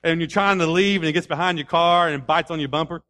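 A man preaching a sermon in a folksy way, building to loud repeated declarations. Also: fairly high pitch, fairly even intonation, fast. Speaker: pastor.

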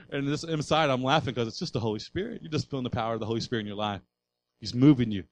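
A male pastor preaching a sermon with passion, building up to loud declarations. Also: mid-range voice, racing, no room sound, poor audio.

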